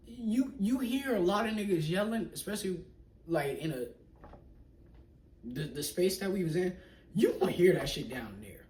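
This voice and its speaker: A young man casually telling a personal story in slangy talk, acting out what people said and often dropping to a hush. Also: high-pitched, normal speed, long pauses. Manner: animated, slangy, acts out quoted people, often drops to a hush. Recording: echoey room, mic at a distance, faint noise.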